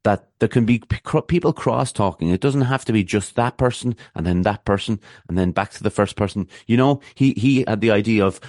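A man's voice: fairly low pitch, a little fast, few pauses, a little mellow, dry recording, studio quality. A man, hosting a podcast and chatting loosely about his favourite films, with many restarts and fillers. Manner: rambling, full of restarts and fillers. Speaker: podcast host. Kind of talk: casual film talk.

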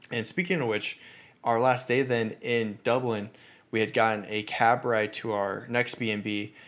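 A man hosting a podcast, telling personal stories in a chatty, animated way. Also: lowish voice, moderate pace. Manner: chatty, animated, many fillers and restarts. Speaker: podcast host. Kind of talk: casual storytelling.

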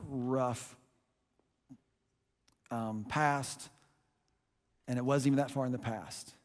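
Emphatic male pastor in a reverberant hall. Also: medium pitch. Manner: emphatic preaching, swings from loud pushes to soft hushed lines. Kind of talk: sermon. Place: church auditorium. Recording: long reverb of a large hall.

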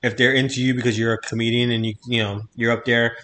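A man's voice: medium pitch, flat delivery, fast talker, sharp tone. A man co-hosting a podcast as a comedian, in casual chat, joking and teasing with frequent laughs.

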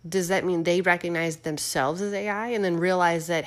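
A woman hosting a casual chat, musing out loud with lots of fillers and questions for her listeners. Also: fairly low pitch, steady tone, moderate pace, few pauses. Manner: musing, rambling, full of fillers; asks the audience questions. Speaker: host.

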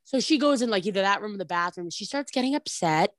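A woman in casual chat, telling a reality show story in an animated way and acting out what people said. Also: mid-range voice, quick pace, no room sound, clean studio sound. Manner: animated storytelling, acts out quotes, many "like"s.

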